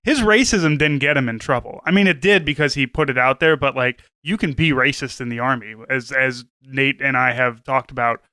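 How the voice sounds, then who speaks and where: A man's voice: medium pitch, normal speed, hardly any pauses, sharp tone, clear, resonant tone, no echo. Man, podcast co-host, earnest, rambling, dry close mic. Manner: rambling, filler-heavy, earnest. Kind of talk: casual podcast chat.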